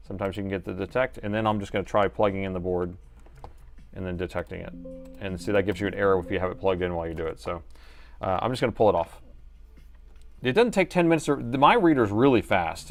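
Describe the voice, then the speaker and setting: A man hosting a live stream, chatting casually and explaining each step of a repair while joking with viewers. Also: fairly low pitch. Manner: chatty, explains steps while working, jokes with chat. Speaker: livestream repair host.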